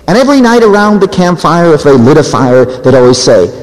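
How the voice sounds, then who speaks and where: Animated male preacher in a reverberant hall. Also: fairly quick, hardly any pauses. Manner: expressive preaching, acts out quotes with big pitch swings. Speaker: pastor. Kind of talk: sermon.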